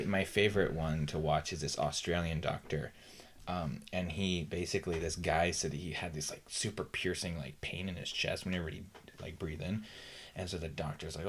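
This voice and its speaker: Deep-voiced rambling man in casual chat. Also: steady tone, normal speed, a little hiss or hum. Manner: rambling storyteller, many fillers and restarts. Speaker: podcast co-host.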